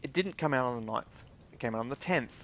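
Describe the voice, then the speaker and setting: A man's voice: medium pitch, expressive, fast talker, fairly bright tone, a little hiss or hum. A man with an Australian accent giving a casual, indignant gaming rant in blunt words with swearing. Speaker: gaming video creator. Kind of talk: casual ranting commentary.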